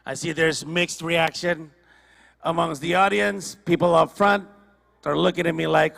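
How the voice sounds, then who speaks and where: A man's voice: on the high side, fairly even intonation, moderate pace, gravelly, fairly bright tone, long reverb tail. A man from Indonesia doing a stand-up comedy set on a ballroom stage, chatty and teasing the audience.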